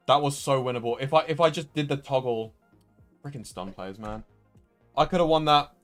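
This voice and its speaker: A man's voice: mid-range voice, brisk, faint music behind. Frustrated young man streaming a card game. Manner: frustrated, repeats himself, self-critical. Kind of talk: live gameplay commentary.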